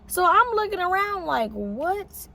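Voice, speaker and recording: A young woman vlogging casually, telling an animated story full of fillers and swearing. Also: a little fast. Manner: animated, swearing, filler-heavy, pitch jumps on exclamations. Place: outdoors in shade.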